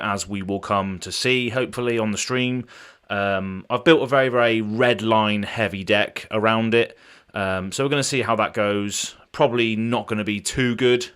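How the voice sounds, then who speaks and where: A man's voice: on the low side, a bit bright, smooth. A man hosting a casual live stream, rambling along with frequent ums and restarts as he sets up a card game.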